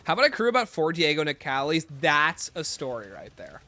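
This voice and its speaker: Animated young man streaming a game. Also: a little high, brisk. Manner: joking, rambling banter with chat. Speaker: gaming livestreamer. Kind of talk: casual livestream commentary.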